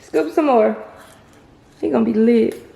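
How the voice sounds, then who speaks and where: A woman's voice: a little high, a little slow, gravelly, warm tone. A woman vlogging as a mother, teasing her child with a playful, laughing manner. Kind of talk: casual family vlog chat. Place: home kitchen. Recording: echoey room.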